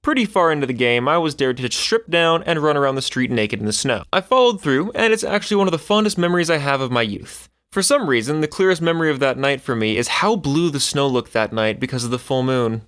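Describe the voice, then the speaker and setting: Man, story narrator, lively swinging pitch, mid voice, scripted read. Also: quick pace, few pauses. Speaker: narrator of reader stories. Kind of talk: scripted narration of online stories.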